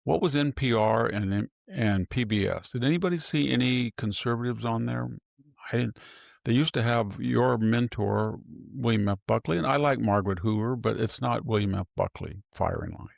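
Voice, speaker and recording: Older male pundit, low gravelly voice, dry close sound, emphatic and fond of rhetorical questions. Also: normal speed, dry recording. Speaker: political commentator guest. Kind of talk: opinionated interview talk.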